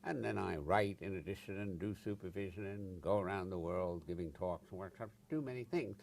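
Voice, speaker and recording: A man's voice: sits low, brisk, vocal fry, a little mellow. An older man, a psychotherapist, answering interview questions bluntly and emphatically, swearing for effect. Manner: blunt, emphatic, acts out angry outbursts with swearing.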